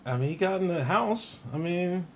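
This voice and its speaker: A man's voice: high-pitched, expressive, normal speed. A man from Pennsylvania co-hosting a casual political chat, teasing and laughing often.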